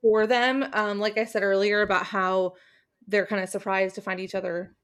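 A woman's voice: medium pitch, flat delivery, normal speed, clean tone. A woman co-hosting a casual book podcast. She lays out her views thoughtfully, with lots of likes and ums. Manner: thoughtful, opinionated, many fillers. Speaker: podcast co-host. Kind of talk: casual book club chat.

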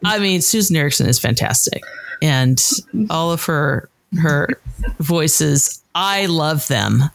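A woman's voice: deep voice, expressive, slow pace, creaky, no room sound. A woman co-hosting a casual chat, emphatic and laughing often, swearing freely.

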